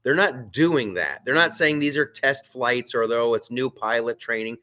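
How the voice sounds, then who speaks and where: A male host chats loosely on a live stream, reading viewer comments aloud and drifting between topics. His delivery is rambling and conversational, full of restarts and offhand asides. His voice sits at an ordinary middle pitch for a man. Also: normal speed, sharp tone. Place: on a film set.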